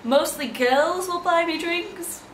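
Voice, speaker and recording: A woman's voice: very high voice, slow pace, a bit bright, a little hiss or hum. A young woman from England, chatting casually to camera as a vlogger, bubbly and full of exclamations. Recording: roomy echo.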